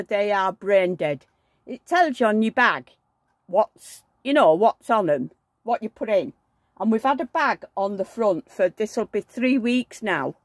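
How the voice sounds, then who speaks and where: A woman talks in a blunt, chatty way as she works at home, murmuring fondly to her dolls between grumbles. Her voice has a gravelly, creaky texture and sits in a middle pitch for a woman. The sound is dry and close, with no room echo. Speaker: doll collector vlogger. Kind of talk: chatty running commentary while working.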